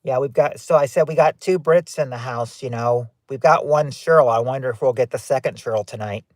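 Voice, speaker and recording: A man's voice: medium pitch, brisk, a little mellow, no echo, clean studio sound. A man hosting a livestream, chatting casually with viewers in a rambling way and restarting his sentences often. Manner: rambling, repeats himself with many restarts. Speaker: livestream host. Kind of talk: casual chat reading live chat.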